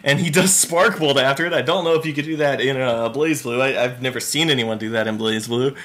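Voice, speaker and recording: A man hosting a video game reaction channel, talking excitedly and rambling through reactions and gameplay analysis at home on a built-in laptop mic. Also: mid-range voice, a little fast. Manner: excitable, exclamatory, rambling with fillers.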